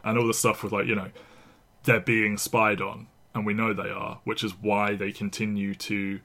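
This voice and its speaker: A man's voice: lowish voice, level tone, normal speed, creaky, sharp tone. A man co-hosting a podcast, chatting casually about a film, laughing often and acting out the characters' lines. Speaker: podcast co-host.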